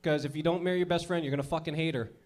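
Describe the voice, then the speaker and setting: A man's voice: fairly high pitch, steady tone, racing, darkish tone. A man in his thirties doing profane stand-up comedy, working the crowd and laughing at his own jokes.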